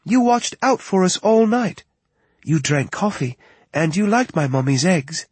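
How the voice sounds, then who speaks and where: A man's voice: high voice, animated, a little slow, darkish tone, breathy edge, no room sound, voice pushed up, exaggerated voice. A man voicing a frightened little girl who pleads for help over the phone in an audiobook, with an anxious, polite manner. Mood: eager. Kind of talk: audiobook character voice.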